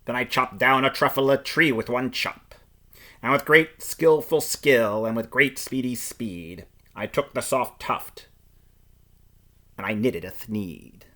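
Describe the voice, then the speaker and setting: A man performing a rhyming storybook aloud in the first person, playful and expressive. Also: mid-range voice, measured pace.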